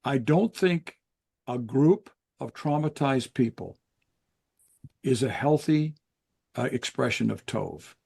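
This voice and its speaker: An older man, a guest author in an interview, explaining in an earnest, measured way with pauses. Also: mid-range voice, animated, creaky, a little mellow, husky. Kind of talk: interview conversation.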